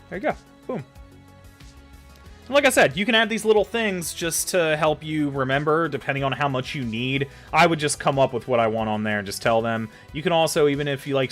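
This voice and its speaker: A man's voice: mid-range voice, fairly bright tone. Profane, rambling man giving game-master tips. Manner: loose and profane, swearing casually; thinks aloud, lots of fillers and trailing off. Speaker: dungeon master giving advice. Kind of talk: casual tutorial while typing notes.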